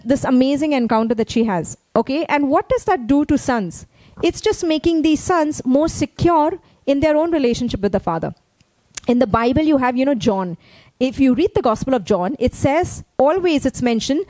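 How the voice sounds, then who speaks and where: Woman pastor, high voice, chatty sermon delivery, dry close recording. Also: normal speed, a little mellow, no echo. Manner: conversational preaching, frequent "okay?" check-ins.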